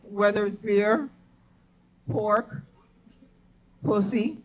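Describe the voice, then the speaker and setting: A woman's voice: medium pitch, drawn-out words, poor audio. A young woman performing a profane stand-up comedy set at a live venue, laughing at her own jokes.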